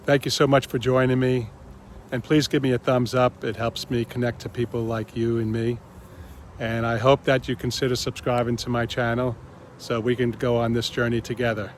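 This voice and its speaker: A man hosting his own reflective spiritual vlog, speaking gently and pausing often. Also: medium pitch, little pitch movement, a little hiss or hum. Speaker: channel host.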